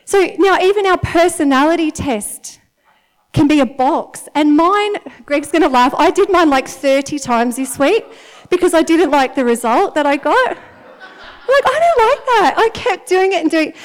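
High-voiced Australian woman preaching animatedly. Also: moderate pace. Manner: animated and chatty, laughs often, gets worked up. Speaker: church speaker. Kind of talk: lively sermon to a congregation. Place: church meeting in front of an audience.

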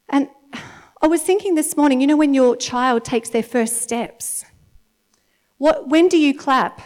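Woman, mother, church speaker; slightly high voice, conversational storytelling sermon with frequent check-ins. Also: darkish tone. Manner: chatty, storytelling, keeps checking in with the audience by asking "okay?".

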